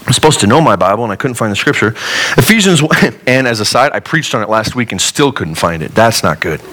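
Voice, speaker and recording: A man's voice: on the low side, lively intonation, fast talker, fairly bright tone, rough recording. A male pastor preaching a sermon in a conversational way, with joking asides.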